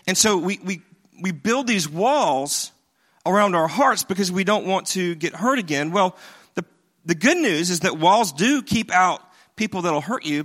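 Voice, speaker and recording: Bright-voiced man preaching a casual sermon. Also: high voice. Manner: conversational, joking, with many restarts. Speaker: pastor.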